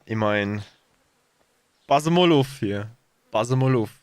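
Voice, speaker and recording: A man's voice: mid-range voice, lively intonation, slow pace, smooth, dry recording. A man putting on a folksy villager. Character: homely German villager in thick dialect.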